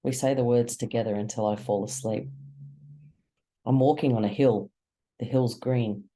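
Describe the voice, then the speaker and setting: A reader narrating a first-person novel chapter slowly, with measured dramatic pauses. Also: medium pitch, steady tone, warm tone, a little hiss or hum. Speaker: audiobook narrator.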